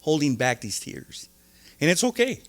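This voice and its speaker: A man, a podcast guest, telling his story openly in an animated way, with many restarts, acting out the voices of the people he quotes. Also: a little high, moderate pace. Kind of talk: candid storytelling interview.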